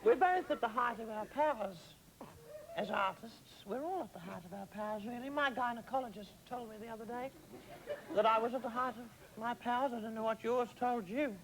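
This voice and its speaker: A man's voice: extremely high pitch, a little fast, a bit bright, slight background noise, poor audio. A man playing a vain, theatrical older woman hosting a talk show. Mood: arch. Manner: arch, theatrical, mock-grand. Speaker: host. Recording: studio audience behind.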